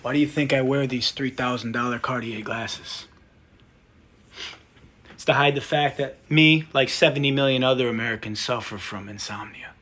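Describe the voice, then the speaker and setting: A man giving a mock-serious comedic lecture, intense and deadpan, dropping to whispers and rising to loud outbursts. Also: mid-range voice, moderate pace. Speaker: comedy sketch creator.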